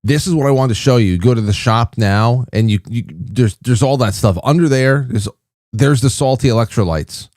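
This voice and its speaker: A man's voice: mid-range voice, normal speed, a little mellow, no room sound, studio quality. A middle-aged man hosting a livestream, chatting casually to viewers and often repeating his words as he rambles. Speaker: livestream host.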